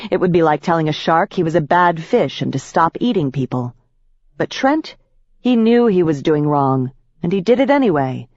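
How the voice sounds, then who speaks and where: Female audiobook narrator, low and emphatic, on a dry, close recording. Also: a little mellow, no echo, highs cut off. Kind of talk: first-person audiobook narration.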